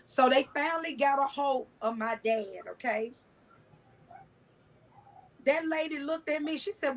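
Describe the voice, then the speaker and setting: A woman recounting her own past in blunt, everyday talk, cussing freely and restarting sentences. Her voice sits a little high for a woman. She speaks as a guest in a casual conversation. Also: unhurried, long pauses, poor audio. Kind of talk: candid personal storytelling.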